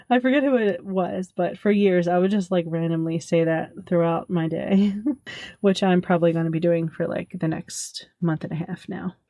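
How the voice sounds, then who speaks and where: A woman hosting a podcast, talking casually with a lot of giggles and jokey asides at her own expense. Her voice sits on the low side and sounds mellow and warm. The sound is dry and close. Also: flat delivery, moderate pace, dry recording, highs cut off. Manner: self-deprecating, chatty fillers. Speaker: podcast host.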